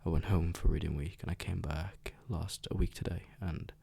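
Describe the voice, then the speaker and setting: A young man rambling casually in a soft, half-whispered ASMR chat, full of fillers and the odd swear word. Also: sits low, steady tone, normal speed, gravelly, breathy edge. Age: young adult. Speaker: ASMR creator.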